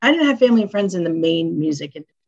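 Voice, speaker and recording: A woman music executive, a guest on an interview show, telling animated stories and acting out what people said. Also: on the low side, racing, gravelly. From northeastern United States. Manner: animated storyteller, acts out quotes. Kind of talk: casual interview chat. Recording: dull lo-fi audio.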